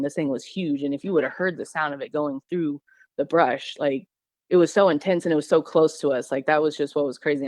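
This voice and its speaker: A woman's voice: deep voice, dry recording. A woman from Missouri, a podcast guest, telling her encounter in a casual, rambling way with many fillers and restarts. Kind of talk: casual storytelling.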